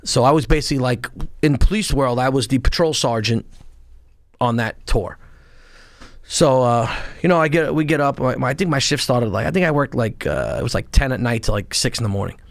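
A man telling war stories in a casual interview, profane and animated, acting out what people said. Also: mid-range voice, fairly quick, creaky, no echo. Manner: animated, profane storytelling with quoted voices. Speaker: podcast guest, former Marine and police sergeant.

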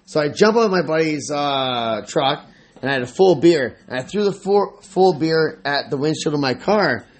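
A man's voice: fairly high pitch, expressive, moderate pace. A man co-hosting a podcast, telling a story in casual chat, laughing often, swearing, and acting out what people said. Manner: laughing, swearing, acts out quotes. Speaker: podcast co-host.

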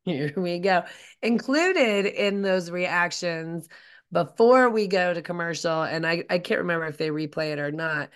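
A woman co-hosting a podcast, recapping a reality show in relaxed, expressive talk with plenty of filler words. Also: on the low side, moderate pace, clean tone. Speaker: podcast co-host.

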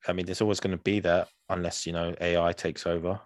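A man's voice: sits low, flat delivery, fast talker, no room sound. A man co-hosting a podcast, chatting casually and rambling with many restarts. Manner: rambling, restarts often, says "man" a lot. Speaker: podcast co-host. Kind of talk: casual chat.

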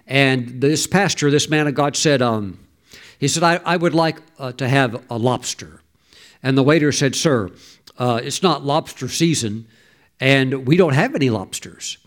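A man's voice: mid-range voice, a little slow. A man preaching a sermon, telling a story and breaking into exclamations and calls for amen.

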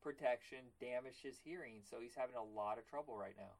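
A man's voice: mid-range voice, fast talker, vocal fry. Rambling man chatting about old movies. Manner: rambling, animated, swears casually. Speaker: podcast co-host. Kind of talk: casual movie chat. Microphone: remote call.

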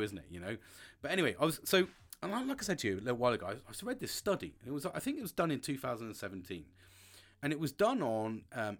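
A man chatting casually and frankly as a podcast host, rambling with restarts and swearing often. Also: medium pitch. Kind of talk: casual personal chat.

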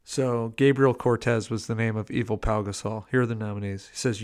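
A man's voice: lowish voice, fairly even intonation, fairly quick, a little mellow. Chill guy on a movie podcast, laid back, throws in goofy quote voices. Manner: laid-back, quotes lines with playful impressions. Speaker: podcast co-host. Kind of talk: casual movie review chat.

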